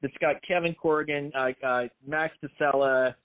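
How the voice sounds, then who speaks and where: A middle-aged man with a slightly high voice rambles through an interview, restarting his sentences and putting himself down. His voice comes over a thin, phone-like line. The sound is dry and close. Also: fairly even intonation, normal speed, no room sound. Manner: rambling, self-deprecating, many restarts. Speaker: film writer and director. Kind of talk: casual interview talk.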